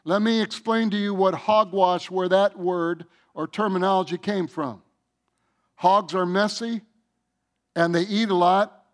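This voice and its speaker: Slow, high-voiced male pastor preaching. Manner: emphatic, addresses the congregation directly. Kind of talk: sermon.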